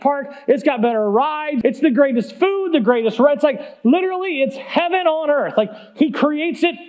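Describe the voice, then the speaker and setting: A man in his thirties preaching a storytelling sermon, animated and comic, laughing at himself. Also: extremely high pitch, moderate pace.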